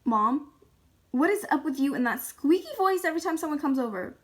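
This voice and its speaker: A woman's voice: high-pitched, animated, fairly quick. A woman voicing an irritated teenage boy in a toy-figure video skit, talking in an exasperated, defensive way. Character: irritated teenage boy, embarrassed by his mom.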